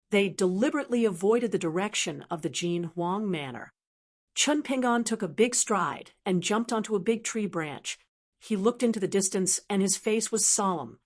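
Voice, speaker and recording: A woman giving scripted audiobook narration in an even, measured reading. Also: medium pitch.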